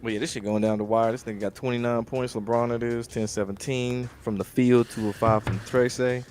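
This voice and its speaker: A man's voice: medium pitch, flat delivery, brisk, darkish tone, faint music behind. Laid-back profane male sports podcaster. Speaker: podcast host. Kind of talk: casual sports chat.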